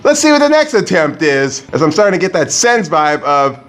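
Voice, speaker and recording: A man's voice: a little high, very animated, normal speed, fairly bright tone. A man reviewing a cartoon episode, crude and exasperated, swearing often. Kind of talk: profane commentary over clips.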